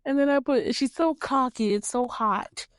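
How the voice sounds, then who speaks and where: Animated, laughing young woman from New York. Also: high-pitched, normal speed, clear, resonant tone, no room sound, clean studio sound. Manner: animated, laughs often, swears casually. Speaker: podcast host. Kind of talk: casual chat.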